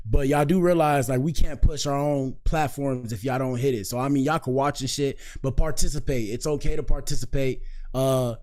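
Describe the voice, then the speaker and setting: A man's voice: medium pitch, fairly even intonation, moderate pace, hardly any pauses, a little mellow. Loose, joking male commentary host. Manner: loose, joking and rambling, talks straight to the viewers. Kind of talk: casual commentary.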